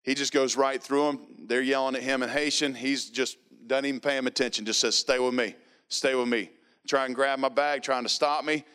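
A man's voice: mid-range voice, steady tone, a little fast, few pauses, a bit bright, clear, resonant tone. A man preaching, telling a personal testimony emphatically, with lots of repetition. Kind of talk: sermon testimony.

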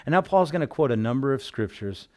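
Pastor pria yang bercerita dengan santai. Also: male voice, medium pitch, lively intonation, fast. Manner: conversational storytelling with bursts of loud exclaiming. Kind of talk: sermon.

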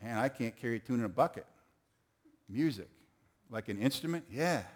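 A man's voice: medium pitch, animated, fast talker. A middle-aged man preaching a sermon, telling folksy stories and calling on the audience to answer. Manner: folksy storytelling, calls on the audience.

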